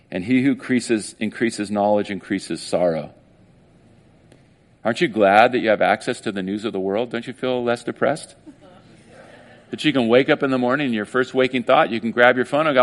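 Animated conversational male preacher. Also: mid-range voice. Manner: conversational and animated, acting out quoted voices. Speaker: pastor. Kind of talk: sermon.

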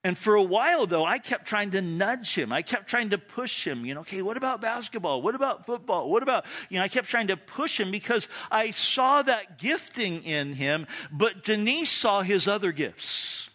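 Bright high-voiced pastor preaching. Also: male voice, animated, normal speed, few pauses. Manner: storytelling, with frequent restarts and "you know". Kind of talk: sermon.

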